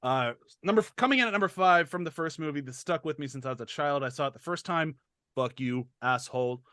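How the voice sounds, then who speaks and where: A man's voice: a little high, expressive, fast, sharp tone, no room sound, studio quality. A man co-hosting a film podcast in casual chat, enthusiastic, laughing often and swearing casually. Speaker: podcast co-host.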